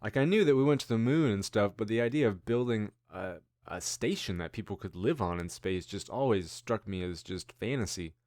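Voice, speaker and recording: A man's voice: lowish voice, animated, a little fast, hardly any pauses, a little mellow, no echo, studio quality. A man in his thirties hosting a casual news-commentary show, rambling and musing with self-deprecating asides. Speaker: host.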